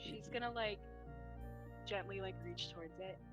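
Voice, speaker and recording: A woman playing a tabletop game, giggly and animated. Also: mid-range voice, moderate pace, music in the background. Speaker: player. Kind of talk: casual tabletop role-play.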